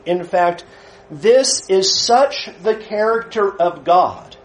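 A man's voice: sits high, animated, slow pace, slight background noise, poor audio. A man preaching a Bible lesson in an earnest, emphatic way, acting out the voices he quotes. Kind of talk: sermon lesson.

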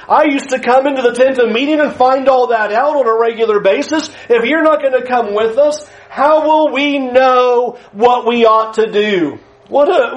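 A man's voice: very high-pitched, rough recording. A man preaching a sermon, earnestly paraphrasing scripture in a conversational way.

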